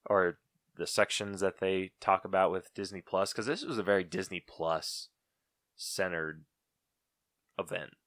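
Man, podcast co-host, casual rant, profane, bright tone, dry close sound. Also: low voice, a little slow, pauses often, no room sound. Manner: ranting, profane, acts out movie lines mockingly. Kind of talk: casual chat.

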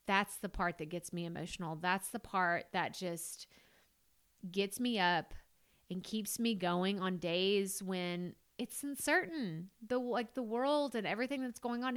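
A woman talks alone on her podcast, chatty and heartfelt, with lots of fillers along the way. Her voice is smooth and clear, at a middle pitch. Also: a bit bright. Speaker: podcast host and coach. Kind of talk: casual solo podcast talk.

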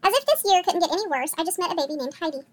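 A woman reads funny tweets aloud for a podcast segment, giggling as she goes. Her voice sits very high and swings widely. A loud wash of noise runs under the recording. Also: lively intonation, rapid-fire. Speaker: podcast host.

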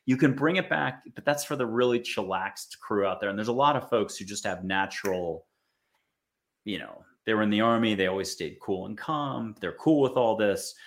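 A man's voice: on the low side, normal speed. A man from the United States giving a casual spiritual talk to an audience, chatty and acting out little quoted voices. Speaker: spiritual speaker.

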